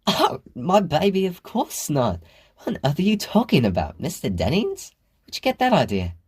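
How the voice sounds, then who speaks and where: A man's voice: medium pitch, sing-song, moderate pace, voice pushed up. A man doing a coaxing, fretful mother. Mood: amused. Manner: warm, coaxing, fretful talk. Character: fretful, affectionate actress mother.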